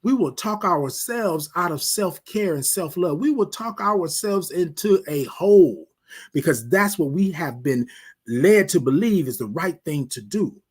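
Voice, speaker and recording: A husky man leans into a preacherly morning pep talk, his voice lifting high and sweeping wide before sinking to hushed refrains. He keeps calling his listeners "y'all" and circling back on the same phrases. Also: expressive, unhurried. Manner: preacherly, repeats phrases, drops to near whisper on refrains. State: emotional. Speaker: host.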